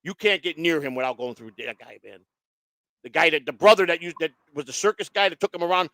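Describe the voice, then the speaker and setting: A man's voice: fairly high pitch, fast talker, vocal fry, pushed and bright, no room sound. A man hosting a casual chat, rambling and swearing, with lots of restarts. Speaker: show host.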